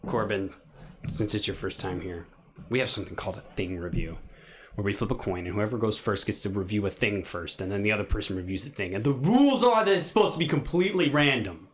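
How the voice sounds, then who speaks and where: Playful teasing young man, lively pitch. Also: fast talker, reverberant, a little hiss or hum. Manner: playful, teasing, jumps between loud and mumbled. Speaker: podcast co-host. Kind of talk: casual chat.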